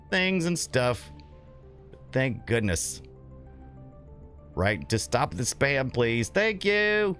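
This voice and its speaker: Rambling middle-aged man, deep voice, casual game-stream chat, laughs often.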